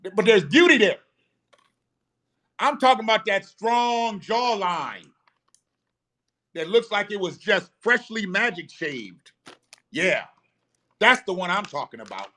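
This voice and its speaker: A man's voice: sits high, very animated, takes it slowly, pauses often, bright, forceful tone. Blunt, profane man ranting on a live stream. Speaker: host of a live show.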